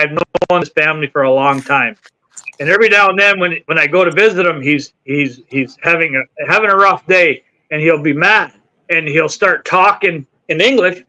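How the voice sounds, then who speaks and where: Give me a man with a bright, slightly high voice, joking easily on a live stream. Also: poor audio. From Canada. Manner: joking, easygoing. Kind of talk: casual live-stream chat.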